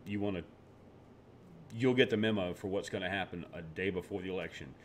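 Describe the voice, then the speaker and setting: Low-voiced sarcastic ranting man. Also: brisk, a little hiss or hum. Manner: sarcastic, ranting, with stumbles and restarts. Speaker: vlogger. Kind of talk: casual political commentary.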